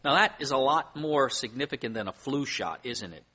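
A pastor delivering a sermon in church, his voice bright and forward. He preaches earnestly, with emphasis that rises and falls. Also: mid-range voice, lively intonation, moderate pace, breathy edge.

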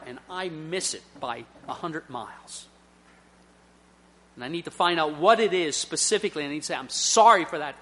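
High, bright-voiced preacher man. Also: slight background noise. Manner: earnest, personal storytelling with emphatic swells. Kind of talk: sermon.

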